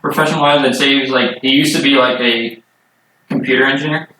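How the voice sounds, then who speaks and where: Bright-voiced man at a boomy game table. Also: fairly even intonation, fairly quick, slight background noise. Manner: hesitant, laughing, chatty. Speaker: player. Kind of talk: casual chat at a game table. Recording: echoey room, voice from far off.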